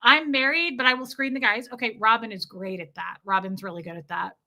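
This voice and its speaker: A woman's voice: on the high side, fairly quick, pushed and bright. A woman hosting a livestream, chatting casually and reading viewer comments, with brash, crude joking. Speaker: livestream host.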